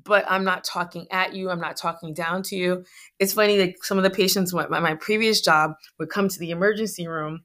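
A woman's voice: on the low side, steady tone, a little fast, a bit bright. A middle-aged woman, a physician guest, talking in a chatty, joking, conversational way. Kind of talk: conversational interview.

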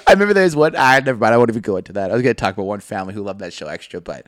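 Dude cracking jokes on a podcast, voice jumps all over, dead dry close mic. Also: male voice, on the low side, lively intonation, no room sound. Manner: jokey, swears, quick to tease and laugh. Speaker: podcast co-host. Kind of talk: casual chat.

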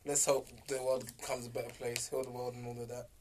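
A man's voice: mid-range voice, little pitch movement, a little hiss or hum. A young man, co-hosting a casual, argumentative podcast chat full of slang and jokes. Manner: fast, argumentative, jokey with slang. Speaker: podcast co-host.

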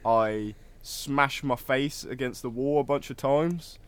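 A man's voice: medium pitch, slow pace, clean tone. A young man co-hosting a podcast in casual chat, rambling and self-deprecating with lots of fillers. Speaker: podcast co-host.

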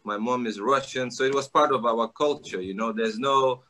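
A man who grew up in Nigeria, chatting casually as a guest with animated, laughing asides. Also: mid-range voice, moderate pace. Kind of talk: casual chat.

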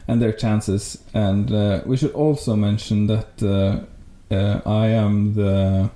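A man co-hosts a casual podcast, speaking with a very dark, mellow tone. He talks hesitantly, with plenty of filler words. His voice carries a roomy echo. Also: fairly low pitch, fairly even intonation, slow. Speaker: podcast co-host. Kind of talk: casual chat.

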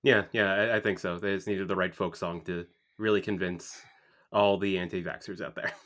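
A man's voice: deep voice, steady tone, fairly bright tone. A young Canadian man co-hosting a podcast, joking dryly and restarting his sentences often. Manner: wry, joking, halting restarts. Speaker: podcast co-host. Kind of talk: casual chat.

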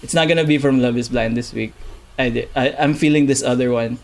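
Excitable male podcast host, laughing. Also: medium pitch, a little fast, gravelly. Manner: excitable, laughs often, stammers and repeats himself. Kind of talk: casual chat.

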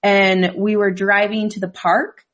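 A woman's voice: mid-range voice, little pitch movement, measured pace, fairly bright tone, highs cut off. A woman from Idaho telling holiday stories in a casual family chat, laughing often and filling with um and like. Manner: giggly storyteller with many fillers. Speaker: family member chatting.

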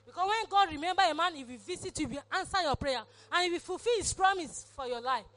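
A woman's voice: very high voice, lively intonation, fast, fairly bright tone. A woman pastor, preaching a sermon and leading an altar call with fervent, repeated exhortations. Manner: fervent, repetitive exhortation, acted prayers.

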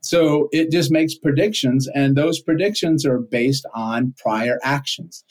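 A man's voice: mid-range voice, a little slow, hardly any pauses. A man on a podcast, explaining ideas in a conversational way with everyday examples and frequent rhetorical questions. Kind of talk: casual explanatory chat.

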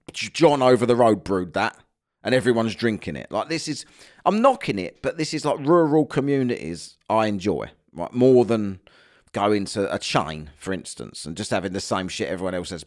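A man telling a comic, sweary rant about a holiday trip, exasperated and mocking. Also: on the low side. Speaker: vlogger.

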